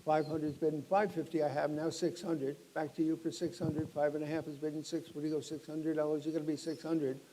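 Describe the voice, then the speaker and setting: A middle-aged man working as an auctioneer, describing each lot and then calling bids in a rapid chant. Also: a little high, flat delivery, dark tone, low-quality recording.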